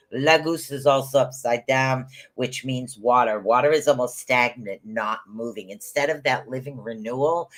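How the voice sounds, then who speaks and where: A host doing rune readings on a live stream, chatting loosely, rambling, and calling out viewers by name. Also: mid-range voice.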